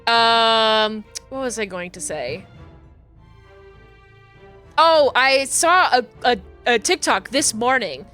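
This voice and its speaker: A woman's voice: fairly high pitch, expressive, slow pace, pauses often, pushed and bright, smooth, faint music behind. A young adult woman streamer chatting casually and rambling with many fillers while playing a game. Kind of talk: casual chat while gaming.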